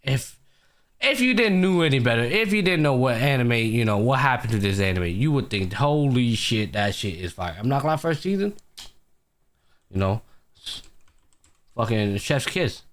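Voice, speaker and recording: A male podcast host with a mid-range voice talks at normal speed with long pauses, over slight background noise. On his casual anime show he retells episodes animatedly, swearing heavily and acting out the characters' lines.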